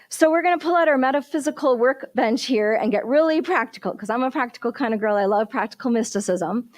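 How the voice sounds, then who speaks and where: A woman minister with a high, bright voice preaching a sermon, lively and storytelling, often turning to the congregation with questions. The sound is close and dry. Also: dry recording.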